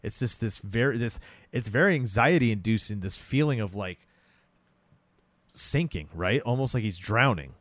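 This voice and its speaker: A man's voice: fairly low pitch, expressive, normal speed, no room sound. A man casually retelling a film scene in a chat, acting out the characters' lines as he goes. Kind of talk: casual movie recap chat.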